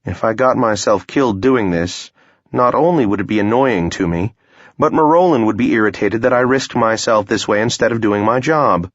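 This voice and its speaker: A man's voice: lowish voice, no echo. A man narrating a first-person fantasy audiobook in a wry, understated way, recorded with a dull, dry sound.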